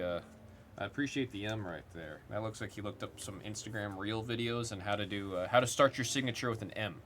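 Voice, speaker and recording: A man hosts a live card break, reading out player names as he opens cards and keeping up loose, joking, rambling commentary. His voice is lowish with a fairly bright tone, over slight background noise.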